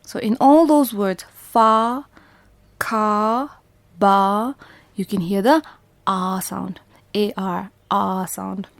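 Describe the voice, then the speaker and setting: A woman's voice: mid-range voice, slow pace, creaky, darkish tone, no room sound. A woman from Bhutan teaching a phonics lesson to young children, patiently sounding out letters and repeating words. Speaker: primary school English teacher.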